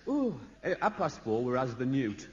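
A man's voice: medium pitch, sing-song, moderate pace, noisy background. A man, telling rambling stand-up anecdotes on a concert stage with chatty asides to the audience. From Birmingham, England. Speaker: stand-up comedian. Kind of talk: live stand-up storytelling. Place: stage in a large concert hall. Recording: echoey lo-fi live concert recording. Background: audience laughter.

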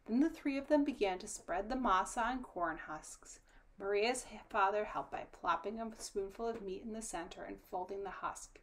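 A woman reading a children's storybook aloud, her narration soft and often dropping to a whisper. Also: mid-range voice, normal speed, slight background noise.

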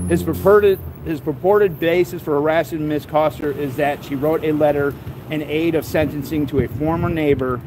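A man's voice: on the high side, fairly even intonation, moderate pace, background noise. A man reading court papers aloud outdoors, stumbling over the words and breaking off with laughing, sarcastic asides. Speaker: vlogger.

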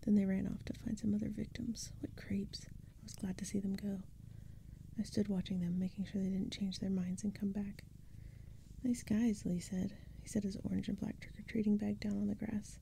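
A woman reading a spooky children's story in a soft, breathy whispered role-play, close to the mic. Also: medium pitch, flat delivery, fairly quick, a little hiss or hum. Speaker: ASMR storyteller.

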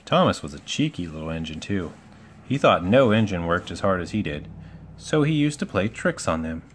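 A man reading a children's picture book aloud in a relaxed, homely way, with small slips and asides. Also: sits low, moderate pace, slight background noise. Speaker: storybook reader.

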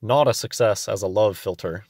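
Low-voiced young man, casual musing. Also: moderate pace, darkish tone, no room sound, clean studio sound. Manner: rambling, musing, reads old text aloud. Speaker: video host. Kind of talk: casual commentary on old clippings.

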